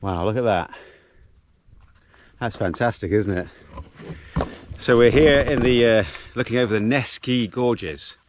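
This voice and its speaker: A man's voice: mid-range voice, a little slow, long pauses, a little hiss or hum. A man chatting casually as he vlogs a hike with his dog, easily amazed and full of ums, recorded outdoors on a handheld camera. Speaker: vlogger hiking with his dog. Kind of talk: casual walking vlog narration. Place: outdoors on a gorge hiking trail.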